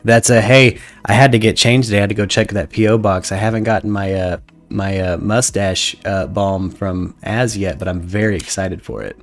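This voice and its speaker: Laid-back low-voiced male host. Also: normal speed, hardly any pauses, faint music behind. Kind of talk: casual chat.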